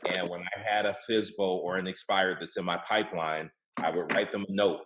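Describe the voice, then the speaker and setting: A man hosting a weekly group video call, coaching in a relaxed, encouraging way with plenty of filler words. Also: sits low, fairly quick, noisy background. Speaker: host of a weekly real estate group call.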